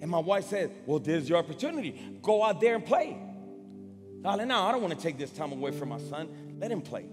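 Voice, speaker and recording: A middle-aged man preaching a sermon built on a personal story. He talks in an emotional, halting way, repeating words as he swings between loud and soft. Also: fairly high pitch, sing-song. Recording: long hall reverb, faint music.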